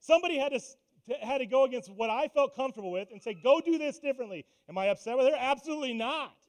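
A man's voice: very high-pitched, expressive, fast. A man preaching a conversational sermon as pastor in a church, with self-deprecating asides. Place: church sanctuary.

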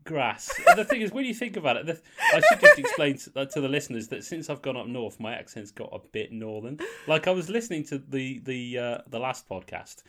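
A man's voice: medium pitch, wildly swooping pitch, a little fast, few pauses, bright, forceful tone. A man in his forties co-hosting a podcast in casual chat, with a mixed English accent gone partly northern, self-mocking and laughing often. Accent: mixed English with northern vowels. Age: 40s. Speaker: podcast co-host.

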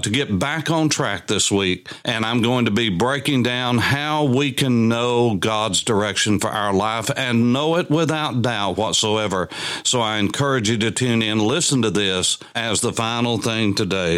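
A man with a lowish voice teaches from the Bible on a radio program. He reads scripture slowly and with care, pausing between phrases. His talk is steady and deliberate. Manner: slow, deliberate reading with pauses.

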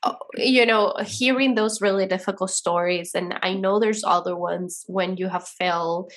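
A woman's voice: on the low side, steady tone, normal speed, a bit bright. A woman interviewing a guest in conversation, asking empathetic, reflective questions.

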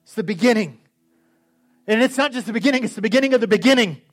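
A male preacher with a high voice, delivering an animated sermon. He drops to near-whispers and then climbs to ringing shouts. Soft music plays underneath. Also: quick pace. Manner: animated, swings from quiet to shouting.

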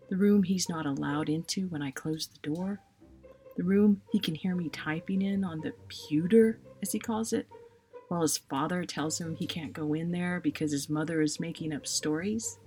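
A woman, a writer, reading aloud her own funny personal story in an expressive, self-mocking way. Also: deep voice.

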